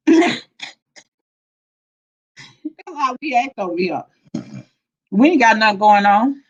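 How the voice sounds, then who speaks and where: A woman's voice: on the high side, lively intonation, takes it slowly, husky, lo-fi sound. A woman hosting a casual livestream, laughing often as she greets viewers by name and reads their comments. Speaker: livestream host.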